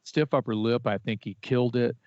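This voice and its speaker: A man's voice: medium pitch, a little fast, no echo. Opinionated man on a dull, dry podcast mic. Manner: opinionated, animated, with restarts and fillers. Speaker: podcast co-host. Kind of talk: casual music chat.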